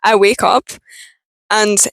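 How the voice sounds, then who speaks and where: A young woman with a Scottish accent, talking frankly and haltingly in a personal vlog. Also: medium pitch, fairly even intonation, fairly bright tone, no echo, low-quality recording. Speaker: vlogger.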